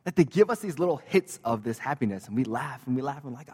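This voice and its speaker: Casual pastor preaching in a reverberant hall. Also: male voice, mid-range voice, lively intonation, quick pace, dark tone, husky. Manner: conversational and joking, with casual fillers. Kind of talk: sermon.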